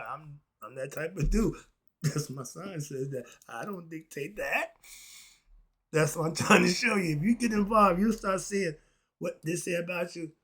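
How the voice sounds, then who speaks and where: A man's voice: high-pitched, a bit bright, breathy edge. A man, delivering an emphatic, casual monologue full of rhetorical questions and short laughs. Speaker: philosophy vlogger.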